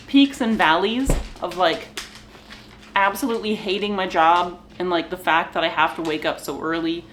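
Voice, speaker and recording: A woman's voice: lowish voice, normal speed, a bit bright, a little hiss or hum. A young woman vlogger in casual, rambling chat to the camera from her kitchen floor at home, sighing now and then. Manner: rambling, sighing and laughing, talking to her dogs.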